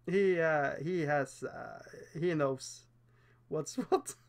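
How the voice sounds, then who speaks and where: A man from Norway with a Norwegian accent, speaking English as a second language, hosts a casual livestream while painting miniatures. His pitch is fairly high. He's chatty and self-deprecating, laughing often and pausing on fillers.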